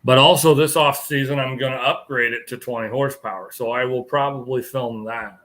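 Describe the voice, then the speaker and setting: A man's voice: medium pitch, steady tone, a little fast, fairly bright tone. A tired man hosting a casual live stream chat, rambling and chuckling as he greets viewers. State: tired, yawning.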